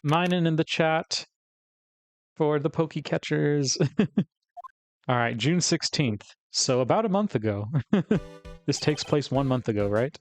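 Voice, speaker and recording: A man's voice: a little high, expressive, measured pace, long pauses, faint music behind. A sleepy male streamer chatting casually and chuckling between asides. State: sleepy, yawning. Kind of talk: casual live-stream commentary while reading game dialogue.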